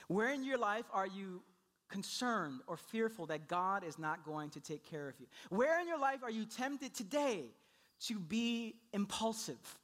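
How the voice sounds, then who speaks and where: A man's voice: sits high, a bit bright. A young man preaching from the pulpit, telling a homey story about his infant son. He moves freely between earnest exhortation and playful acted-out voices, laughing as he goes. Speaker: pastor. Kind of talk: sermon.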